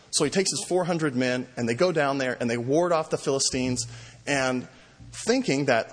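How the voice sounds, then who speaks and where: A male pastor telling a sermon story in an animated way, often repeating words and acting out the characters. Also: mid-range voice, a little fast, slightly rough. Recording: long hall reverb.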